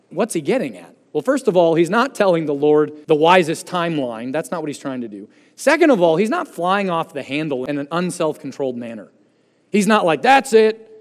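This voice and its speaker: Emphatic high-voiced preacher in a reverberant hall. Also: male voice. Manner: emphatic preaching, swinging from loud bursts to hushed endings. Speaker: pastor. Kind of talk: sermon. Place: church sanctuary.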